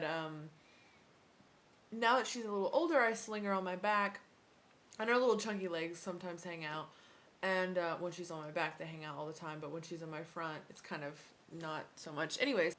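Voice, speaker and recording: Sarcastic young mom ranting on camera. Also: female voice, lowish voice, a bit bright, a little hiss or hum. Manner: sarcastic, swears freely, many ums. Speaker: vlogger. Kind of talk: casual ranting vlog. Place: at home with her baby.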